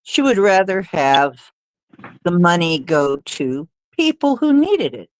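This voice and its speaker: A woman's voice: lowish voice, sing-song, takes it slowly, no echo, poor audio. A woman hosting a livestream, telling stories in a rambling, hesitant way with many fillers and little laughs. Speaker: livestream host. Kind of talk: casual storytelling chat.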